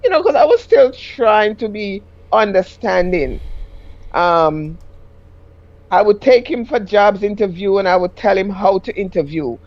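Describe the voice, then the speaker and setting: A woman's voice: medium pitch, unhurried, dry recording, lo-fi sound. A middle-aged woman with a Jamaican accent, a caller telling a personal story in rambling casual speech that rises sharply when she quotes herself.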